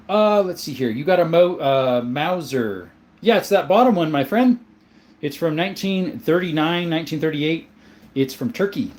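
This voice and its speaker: A man hosting a casual livestream, reading viewer comments aloud and answering them in a friendly way, often calling people "my friend.". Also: a little high. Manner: friendly, answers viewer questions about his gun collection; often says "my friend" and "mate". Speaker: livestream host reading chat.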